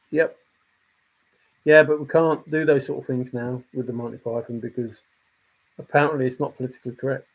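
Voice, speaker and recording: Animated and fed up, a male channel host rants casually about his opinions, repeatedly looping back to the same points. His voice is slightly higher than most and carries a little huskiness.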